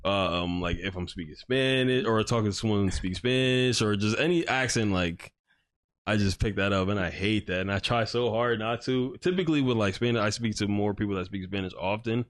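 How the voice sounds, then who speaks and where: A man's voice: fairly low pitch, fairly quick, no echo, studio quality. A man co-hosting a podcast, telling rambling stories in casual banter and laughing at himself. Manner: laid-back, rambling storyteller, laughs at himself. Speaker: podcast co-host.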